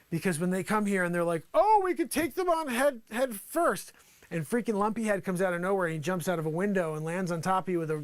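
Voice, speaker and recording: A man's voice: sits high, fairly bright tone, no room sound. A man hosting an improvised mock news report, rambling playfully and talking to off-screen people. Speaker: host.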